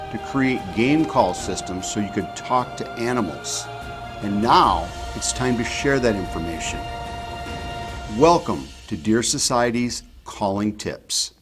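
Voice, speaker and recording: Over music, a middle-aged man with an expressive, medium-pitched voice and unhurried delivery demonstrates game calling technique. As an instructor he stays patient and repeats the key points.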